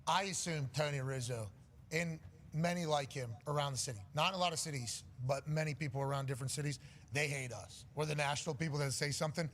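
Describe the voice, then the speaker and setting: Higher-voiced casual man from Pittsburgh. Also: fast talker, a bit bright, a little hiss or hum. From Pittsburgh, USA. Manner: loose, rambling, swears freely. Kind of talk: casual podcast chat.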